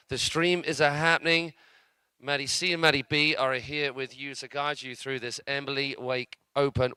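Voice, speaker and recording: Male live-sports commentator for an outdoor event, talkative and joking, mid-pitched. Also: sharp tone, smooth, dry recording. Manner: chatty, joking, filling airtime. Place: outdoor cable park event.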